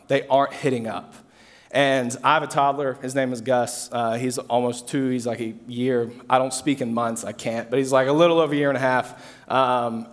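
Young male pastor in a reverberant hall. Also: mid-range voice. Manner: storytelling with asides, repeats phrases. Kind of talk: sermon. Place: hall with an audience.

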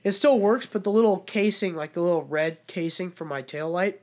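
Profane, animated young man telling stories. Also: high voice, fairly quick. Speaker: podcast co-host. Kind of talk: casual chat, storytelling.

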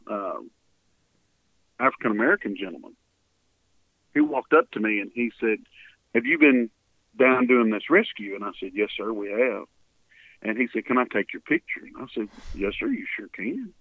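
A Texan man tells his story earnestly over a tinny phone line, his gravelly voice rising and falling widely. He acts out the people he quotes with feeling, and the line sounds dry and close. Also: on the low side, no room sound. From Texas. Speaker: guest. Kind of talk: telling a story in a radio interview.

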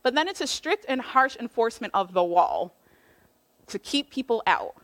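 A woman's voice: a little high, lively intonation, normal speed, a bit bright. Chatty woman preaching in slangy style. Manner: chatty, slangy, acts out quotes with voices. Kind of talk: casual sermon retelling a Bible story.

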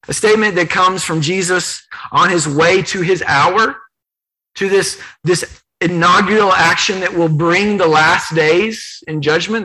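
A man's voice: a little high, pushed and bright, husky, rough recording. A man preaching a sermon, earnest and emphatic, retelling scripture in his own words with repetition. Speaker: pastor.

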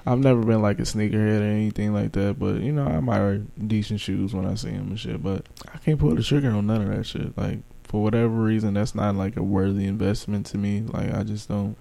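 A man's voice: fairly low pitch, steady tone, a little fast, gravelly, few pauses, mellow. A man co-hosting a casual podcast, speaking in an easygoing, mildly profane way. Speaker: podcast co-host.

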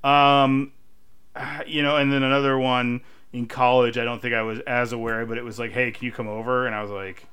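Bright, clear-voiced man telling stories. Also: medium pitch, fairly quick. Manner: animated storyteller, acts out quotes. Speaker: podcast co-host. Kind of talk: casual chat.

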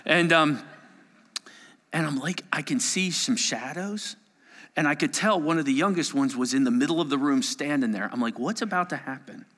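A man preaching a sermon to a live church audience, telling a story in a playful, animated way and acting out voices and sound effects. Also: a little high, normal speed. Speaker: pastor. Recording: long reverb of a large hall.

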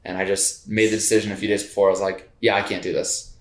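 A man on a podcast, telling a personal story in a casual, animated way and laughing as he goes. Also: on the low side, fast. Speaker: podcast co-host. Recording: roomy echo.

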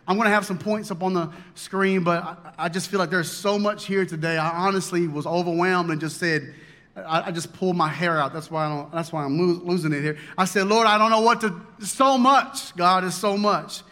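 A man preaches in a folksy, joking way, animated and full of restarts. His voice sits high and bright. It rings out with a long reverb through a church sanctuary. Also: moderate pace. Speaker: pastor. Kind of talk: sermon.

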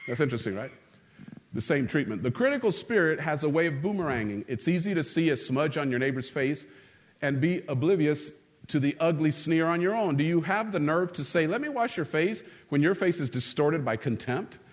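In a church sanctuary, a middle-aged pastor delivers a sermon at a fairly quick clip, animated and funny. His voice climbs for punchlines and sinks low and quiet for earnest points, and he repeatedly pulls the congregation in with call-and-response.

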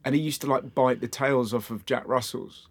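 A man's voice: mid-range voice, steady tone, normal speed, dry recording. A man hosting a podcast in a casual chat, playfully asking his guest questions. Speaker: podcast host.

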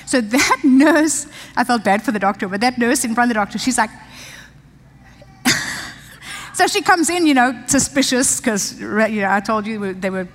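A woman's voice: on the high side, lively intonation, normal speed. A woman pastor from South Africa, telling a personal story in a chatty sermon, laughing often and restarting her sentences. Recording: long reverb of a large hall.

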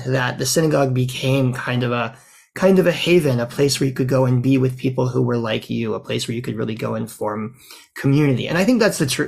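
Gravelly man interviewing a colleague. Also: medium pitch. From American South. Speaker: rabbi and interviewer. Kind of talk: conversational interview.

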